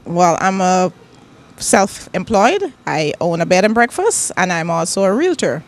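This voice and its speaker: A woman who owns a bed and breakfast and works as a realtor, speaking in a poised, measured way while chatting as a restaurant diner. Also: on the low side, very animated.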